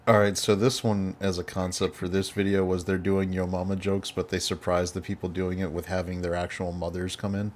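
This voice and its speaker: A man's voice: low-pitched, level tone, brisk, hardly any pauses, slight background noise. A male podcast host in casual chat, chuckling often as he talks.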